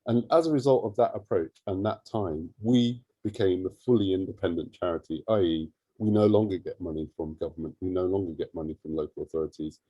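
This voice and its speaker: Man, charity head, low husky voice, lively storyteller who acts out dialogue; dry close sound. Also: fairly quick, hardly any pauses, no room sound, lo-fi sound. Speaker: charity CEO. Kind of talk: animated storytelling in an interview.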